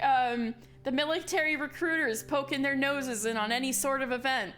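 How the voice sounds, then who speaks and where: A young woman streamer reading a story game aloud in a slow, theatrical way, breaking off for swearing asides. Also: high voice, fairly bright tone. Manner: reads dialogue slowly and dramatically, swears and laughs in asides. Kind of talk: reading a visual novel game aloud with commentary.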